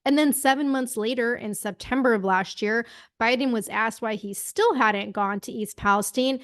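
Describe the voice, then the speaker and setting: A woman's voice: on the high side, normal speed, no echo, studio quality. A woman co-hosting a political podcast, speaking with scornful sarcasm and blunt profanity. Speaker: podcast co-host.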